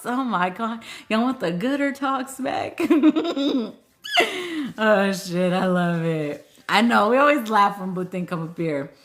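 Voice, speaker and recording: A woman's voice: medium pitch, a bit bright. A woman hosting a live chat, teasing her viewers with bawdy jokes and laughing constantly. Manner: bawdy joking banter. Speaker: livestream host.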